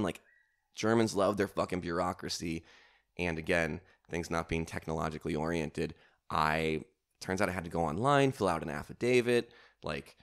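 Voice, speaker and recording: A man hosting a comedy podcast alone, telling stories in a casual, rambling way full of swearing, fillers and self-mockery. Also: low-pitched. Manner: swearing, self-mocking storytelling with lots of fillers.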